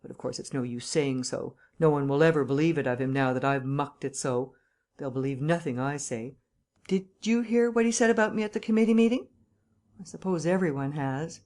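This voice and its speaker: A woman doing a gloomy, deadpan young correspondent. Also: deep voice, brisk, lightly acted. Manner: flat, expressionless, rueful.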